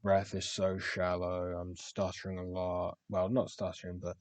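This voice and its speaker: A young man with a very deep, level voice speaks candidly in a personal, diary-like monologue. He pauses on words and restarts as he reflects. The recording is dry and close, with no room sound. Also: monotone, no room sound. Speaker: podcast host.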